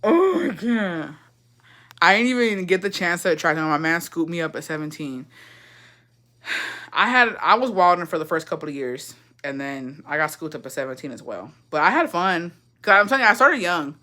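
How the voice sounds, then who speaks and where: A young woman rattles off a story at high speed, her voice bright and sharp. She swears freely, rambles, and drops into Spanish mid-sentence. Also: animated, brisk. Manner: profane, rambling, switches into Spanish. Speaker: vlogger. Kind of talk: casual storytime.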